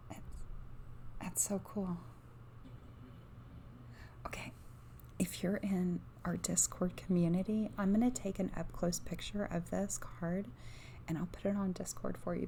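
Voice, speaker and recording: A woman hosting an ASMR oracle card reading on a livestream. She speaks softly on a close microphone, drifts into whispers, and gushes with dreamy enthusiasm. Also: lowish voice, gravelly, slight background noise. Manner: soft-spoken, slipping in and out of whispers.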